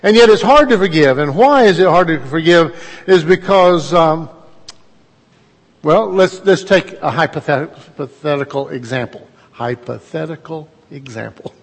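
A man's voice: high voice, lively intonation, measured pace, long reverb tail. A middle-aged man, preaching a conversational sermon in a folksy, storytelling way and putting questions to his listeners.

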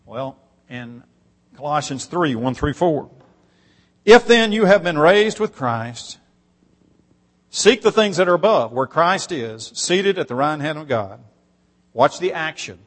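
A man preaches emphatically, reading scripture aloud and lifting his voice on repeated phrases. His voice is a little high with lively intonation, a little slow with long pauses, and the recording has a long hall reverb.

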